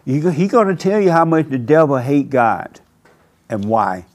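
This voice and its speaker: A man pastor preaching a sermon at a church service, with slow, emphatic, drawn-out phrasing. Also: mid-range voice, very animated.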